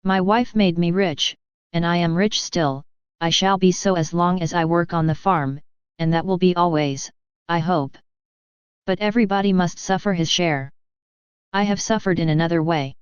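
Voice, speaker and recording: A frank, hearty widowed farmer speaks, as a woman reads him in a very clear, slightly low voice. The recording is dry and a little dull, like a plain audiobook track. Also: moderate pace, dry recording, close to an everyday voice.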